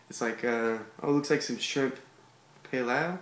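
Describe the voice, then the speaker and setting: A man's voice: mid-range voice, fairly even intonation, measured pace, long pauses. A man casually reading a comic aloud and commenting on it in a laid-back, slangy way. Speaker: comic read-along host. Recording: echoey room with background hiss.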